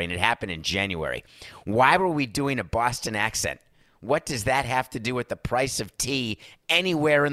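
A man's voice: mid-range voice, bright, forceful tone, dry recording, studio quality. A man hosting a sports talk show, delivering an emphatic, sarcastic monologue. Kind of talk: opinionated sports radio monologue.

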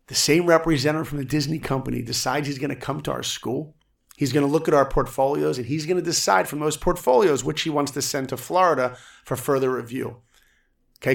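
A middle-aged man with a gravelly edge tells his story as a podcast guest. His pitch sits in the middle, and he keeps slipping into voices for the people he quotes. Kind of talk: animated storytelling in a podcast interview.

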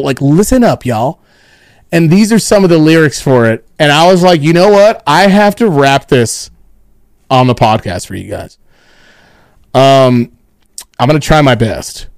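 A man's voice: a little high, no room sound, clean studio sound. A man hosting a podcast in loose, joking casual chat, swearing freely. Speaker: podcast host.

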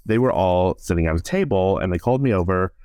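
A middle-aged man who performs on stage and directs relives moments in a casual podcast interview, animatedly acting out quotes and saying "like" often. He talks fast and expressively in a low, warm, clean voice. The studio recording is dry.

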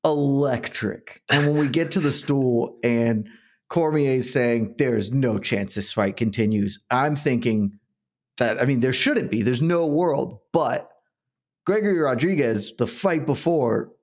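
A man co-hosting a betting podcast, telling stories in an animated, laughing way. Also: mid-range voice, measured pace. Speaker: podcast co-host. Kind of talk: casual betting chat.

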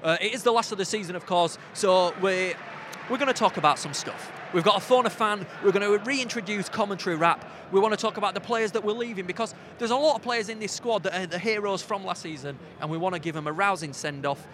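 A man trades quick, teasing banter as a podcast co-host. His voice sits a little high and he talks fast. Steady background noise runs under the recording. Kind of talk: casual banter. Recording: noisy background.

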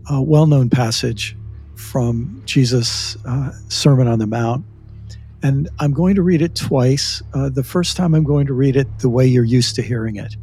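A man hosting a podcast, leading a closing meditation with a slow, gentle, deliberate reading and long pauses. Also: mid-range voice, slightly rough. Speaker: podcast host. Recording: faint music underneath.

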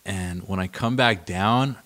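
A man's voice: sits low, unhurried, dry recording. Man telling stories in a dry room. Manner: animated, swears, says "bro" often. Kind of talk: casual storytelling chat.

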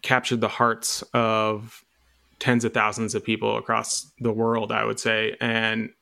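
A man from Michigan who founded an animal sanctuary, telling stories in a relaxed interview, with many fillers and restarts. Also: on the low side, unhurried, vocal fry. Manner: relaxed, storytelling, with frequent fillers. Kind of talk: casual interview talk.

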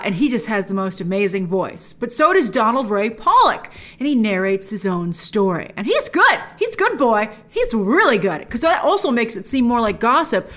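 A woman giving a casual film review to camera, chatty and animated, acting out her own reactions. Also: medium pitch.

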